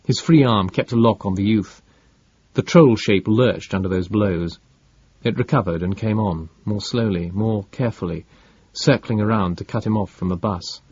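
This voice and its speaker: A man reading an audiobook in a measured, dramatic narration. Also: fairly low pitch, darkish tone, breathy edge, muffled recording.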